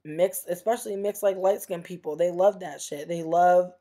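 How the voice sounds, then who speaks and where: A woman's voice: fairly low pitch, steady tone, moderate pace, warm tone. A young woman vlogging in a casual livestream rant, heated and profane, rambling with lots of fillers.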